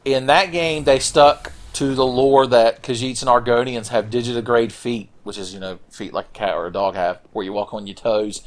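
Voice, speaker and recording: A young man giving casual, profane, rambling commentary while playing a video game. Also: mid-range voice. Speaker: gaming commentator. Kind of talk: casual let's-play commentary.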